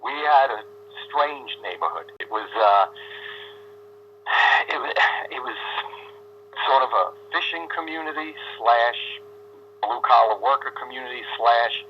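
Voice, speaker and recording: A man's voice: medium pitch, measured pace, pauses often, muffled recording, a little hiss or hum. Rambling man telling neighborhood stories. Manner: rambling anecdotal, laughs often. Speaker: interview guest. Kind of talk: casual storytelling chat.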